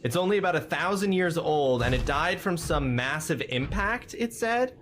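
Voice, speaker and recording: A man streaming a game, giving casual commentary with loud, excitable outbursts and swearing. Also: on the high side, normal speed, slight background noise.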